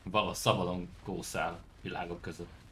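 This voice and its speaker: A man giving relaxed, chatty commentary while streaming a video game. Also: deep voice, fairly quick, a little hiss or hum. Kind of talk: casual gameplay commentary.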